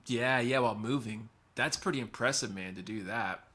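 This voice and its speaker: A male livestream host with a mid-range, sharp-toned voice talks at a moderate pace. He tells casual, rambling stories to chat and gets sidetracked replying to comments.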